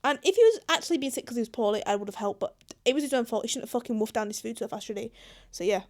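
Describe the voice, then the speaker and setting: A woman's voice: on the high side, lively intonation, very fast, a little mellow. A young British woman reacting to online confessions in casual, blunt commentary, swearing freely. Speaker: YouTuber.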